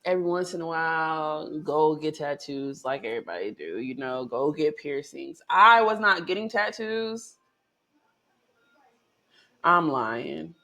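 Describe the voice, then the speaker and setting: A woman vlogger chats straight to her viewers in a loose, profane storytelling style. Her voice jumps up in pitch and volume when she gets excited, then sinks low and quiet for asides. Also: moderate pace, few pauses. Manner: animated, profane, chatty storytelling with swings in pitch and loudness. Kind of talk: casual storytelling to camera.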